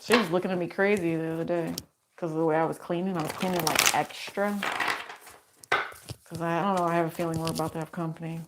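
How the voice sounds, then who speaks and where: A woman's voice: low voice, steady tone, quick pace, very noisy. A middle-aged woman giving a casual tarot reading, chatty and rambling, laughing often as she talks. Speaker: tarot reader.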